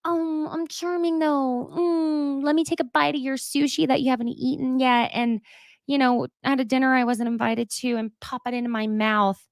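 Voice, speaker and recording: A smug boyish man pretending to be harmless and adorable, as a woman mocks him. The voice is pitched high, with a whiny singsong lilt. It is recorded dry and close, with no room sound. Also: steady tone, moderate pace, smooth, dry recording. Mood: mocking. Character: smug boyish man faking puppy-like charm.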